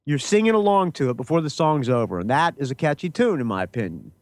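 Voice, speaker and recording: A man's voice: on the high side, big pitch swings, fast. A man co-hosting a casual podcast chat, offhand and opinionated. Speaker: podcast co-host.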